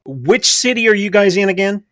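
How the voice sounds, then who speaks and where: Lively radio host asking questions. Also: male voice, high-pitched, normal speed, no room sound, clean studio sound. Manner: lively, reacting with laughs and questions. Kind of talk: live radio chat.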